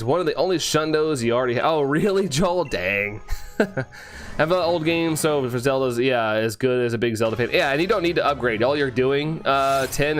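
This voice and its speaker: A man casually chatting on a live stream, greeting viewers and answering chat, talking fast and sometimes tripping over his words. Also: mid-range voice, fairly bright tone.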